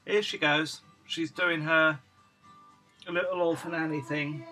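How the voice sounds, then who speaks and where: A man at home showing off his dogs, switching into high cooing baby talk whenever he speaks to them. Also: steady tone, a little slow, music in the background, poor audio. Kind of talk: casual home video chat.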